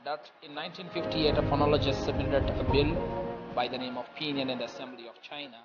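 A man teaching a recorded language lecture, explaining step by step in a deliberate, repetitive way with many pauses. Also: medium pitch, fairly even intonation. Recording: dull lo-fi audio with loud music.

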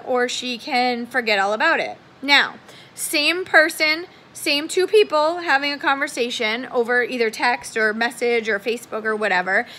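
A woman's voice: fairly high pitch, pushed and bright. A young woman giving casual coaching tips on sales conversations in an upbeat way, sometimes acting out sample messages. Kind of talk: casual coaching talk to camera.

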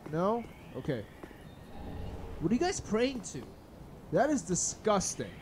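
A young man commentating a blind playthrough of a hard video game, swearing and shouting at enemies, then muttering to himself. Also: sing-song, measured pace, slight background noise. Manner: swearing, yelling at enemies, sudden pitch jumps. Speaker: gaming channel host. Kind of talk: blind let's play commentary.

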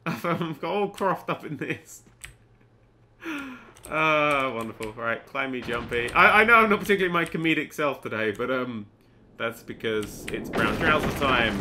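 A man's voice: medium pitch, expressive, moderate pace, sharp tone, slight background noise. Jumpy swearing man gaming. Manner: jumpy, swearing, talks to himself. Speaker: gaming channel host. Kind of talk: let's play commentary.

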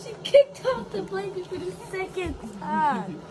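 A woman's voice: very high-pitched, animated, measured pace, over a noisy crowd, very noisy. An older woman and grandmother chatting playfully with her family and teasing the baby in a casual home video.

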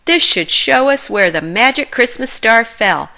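A woman's voice: fairly high pitch, expressive, a little slow, gravelly, sharp tone, exaggerated voice. A woman voicing an eager young boy who leads a rescue team in a children's storybook, upbeat and commanding. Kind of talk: children's storybook read-aloud.

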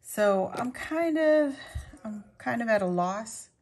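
A woman crafting vlogger talking casually to her viewers as she shows her handmade pieces, chatty and quick to laugh. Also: a little high, lively intonation, darkish tone. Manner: chatty, laughs often, talks to viewers while showing her work.

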